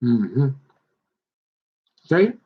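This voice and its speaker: A man's voice: mid-range voice, big pitch swings, drawn-out words, narrow, tinny audio. A tired man, rambling and joking in a casual vlog. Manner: rambling, joking, repeats himself. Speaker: vlogger.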